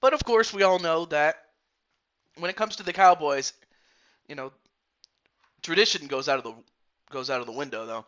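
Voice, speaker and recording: A man with a bright, forceful tone and a fairly high voice commentates a football video game on his live stream. He rambles casually, greeting chat viewers by name. The audio is dull and a bit muffled. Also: moderate pace, pauses often.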